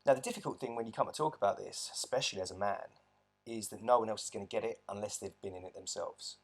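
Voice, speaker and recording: A man's voice: fairly low pitch, fast talker. A man talking earnestly about his own experience in a reflective storytelling monologue, often restarting his sentences. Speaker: abuse survivor vlogger.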